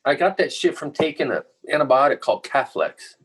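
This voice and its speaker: A man's voice: mid-range voice, fairly quick, breathy edge, rough recording. A middle-aged man, a guest on a podcast, telling a story casually with plenty of swearing. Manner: profane, animated storytelling.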